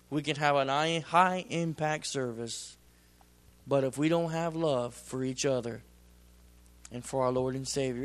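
A man preaching a sermon in a plain-spoken, folksy way, swinging from loud emphatic bursts to slow drawn-out phrases. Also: a little high. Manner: folksy, plain-spoken, tells personal stories. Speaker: pastor.

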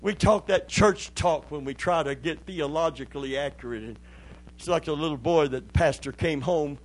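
A man's voice: fairly high pitch, moderate pace, low-quality recording. Folksy storytelling preacher, man. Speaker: pastor. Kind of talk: sermon.

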